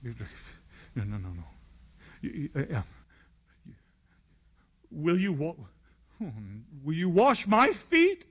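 A man's voice: huge pitch swings, takes it slowly, pauses often, full character voice. A man voicing the apostle Peter, a proud, flustered grown man who stammers and then cries out in protest. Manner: stammering then shouting in high-pitched protest.

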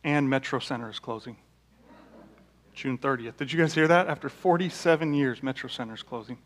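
A man's voice: mid-range voice, brisk. A man preaching a sermon, telling illustrative stories in a conversational way, with fillers and restarts. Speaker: pastor. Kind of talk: sermon with storytelling.

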